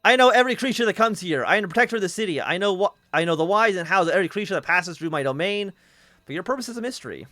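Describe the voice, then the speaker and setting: A man voicing a grandiose male lion automaton who guards a city, speaking in lofty, deliberate pronouncements with a grating rumble. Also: lively intonation, pushed and bright, dry recording.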